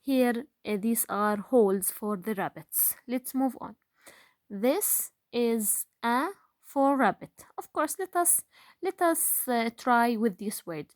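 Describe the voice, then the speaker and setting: Slow patient woman teacher. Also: on the high side, expressive, no echo, studio quality. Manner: slow, patient, with frequent fillers and rhetorical questions. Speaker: grade one teacher. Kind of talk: online phonics lesson.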